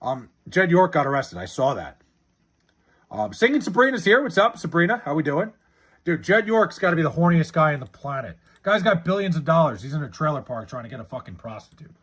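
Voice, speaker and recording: Very animated and fairly quick, this man speaks in a fairly high, fairly bright voice with a breathy edge. On his live stream he reads chat, banters casually with viewers, and rambles through sports arguments, cursing without restraint.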